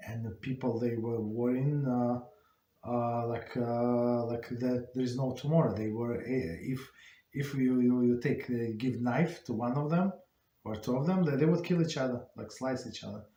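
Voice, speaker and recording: Man, rabbi giving a casual class, halting storytelling, mid-pitched voice, roomy echo. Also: mellow. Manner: halting, conversational storytelling with many restarts. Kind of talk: informal Torah class talk.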